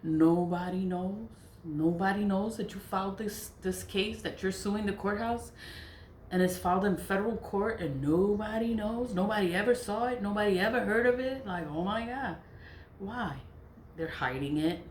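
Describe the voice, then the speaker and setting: A woman rambles through a casual monologue, circling back on the same phrases and bursting into giggles. Her voice sits at a middle pitch. The room is echoey, with a faint hiss of noise behind her. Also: normal speed, darkish tone. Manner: rambling, repetitive, bursts of giggling laughter, swears. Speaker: self-styled witch vlogger.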